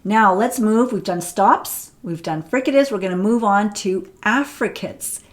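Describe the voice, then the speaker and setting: A woman's voice: medium pitch, a little slow. A woman teaching pronunciation on camera, explaining sounds and demonstrating them, often checking with "right?".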